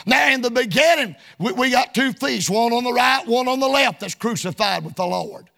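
Shouting frequently, a man preaches in a sing-song rhythm full of homespun, colloquial turns of phrase. His voice is very high-pitched with vocal fry, and he speaks at a normal speed.

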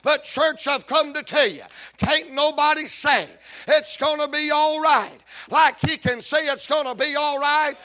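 A man preaching a sermon, shouting and chanting his lines in a sing-song cadence. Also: very high voice, unhurried.

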